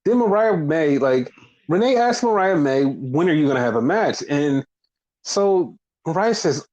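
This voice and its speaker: A man co-hosting a podcast, casually recapping wrestling in animated, profane storytelling that acts out the quotes. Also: on the high side, measured pace. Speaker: podcast co-host. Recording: dull lo-fi podcast audio.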